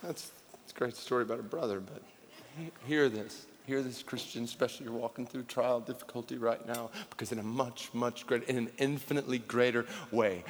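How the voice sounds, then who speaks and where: A man preaching a sermon in a church, his voice a touch higher than most men's. He moves from relaxed storytelling to fervent, emphatic lines, and long hall reverb trails each phrase. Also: moderate pace. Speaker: pastor.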